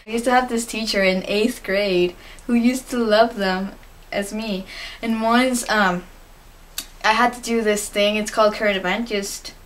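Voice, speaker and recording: A teenage girl talks straight into her camera for a casual vlog. She is chatty and gushing, with lots of fillers and quick giggles, at an ordinary mid-range pitch for a woman. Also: steady tone. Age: teens. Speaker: fan answering interview questions.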